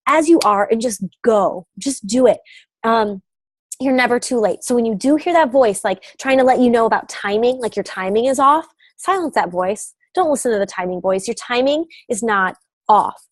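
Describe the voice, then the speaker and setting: A woman's voice: high-pitched, dry recording. A young adult woman coach giving an upbeat, emphatic motivational talk. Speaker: business coach.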